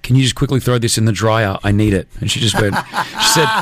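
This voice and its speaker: A man's voice: lowish voice, big pitch swings, brisk, crowd noise. A man hosting a radio show in the studio, chatty and teasing, telling stories from home. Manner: chatty, teasing, tells anecdotes. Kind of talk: casual studio banter.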